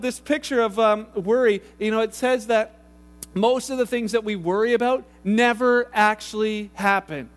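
Man, thirties, pastor, sermon, high voice, chatty storytelling. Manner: conversational, animated storytelling with acted quotes.

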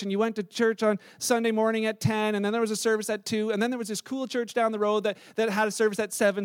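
A man's voice: sits high, smooth, no room sound, studio quality. A middle-aged man giving a sermon as pastor, conversational and storytelling, with asides and restarts.

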